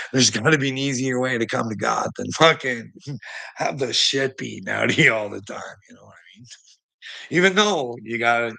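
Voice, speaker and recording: Gravelly, husky man ranting on a livestream. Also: lowish voice, pushed and bright. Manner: profane, rambling, laughs often between phrases. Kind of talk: casual livestream rant.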